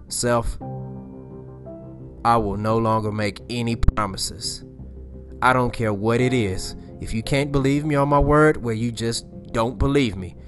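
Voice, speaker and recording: Man casually retelling a scary scene, faint music behind. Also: mid-range voice. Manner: rambling, repeats himself, slangy asides. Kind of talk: casual storytelling.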